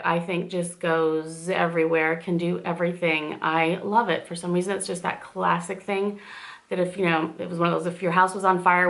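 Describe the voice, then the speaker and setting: A woman in her forties with a light southern Indiana twang talks to camera from home. Her voice sits low and has a gravelly fry. She rambles in a chatty way, full of fillers, as she answers viewer questions. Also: fairly bright tone. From southern Indiana, USA. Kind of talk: casual Q&A chat to camera.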